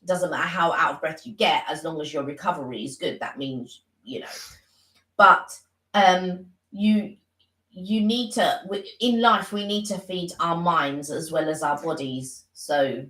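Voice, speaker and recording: A woman's voice: low-pitched, unhurried, fairly bright tone. Earnest rambling woman co-host, echoey room. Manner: earnest, rambling, many restarts and fillers. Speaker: co-host of a live stream. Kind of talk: casual live-stream chat.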